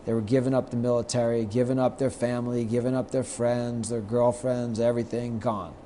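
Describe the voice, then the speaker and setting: Middle-aged male guest, mellow voice, animated storyteller who acts out quotes, faint noise behind. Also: medium pitch, fairly quick. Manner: lively anecdotes, acts out quoted lines. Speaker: guest, sports marketer. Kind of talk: storytelling in a podcast interview.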